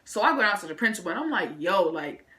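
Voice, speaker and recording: A woman vlogger telling a story from school in an animated, slangy way, adding her own sound effects. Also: medium pitch, racing, slight background noise. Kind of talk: casual storytime vlog.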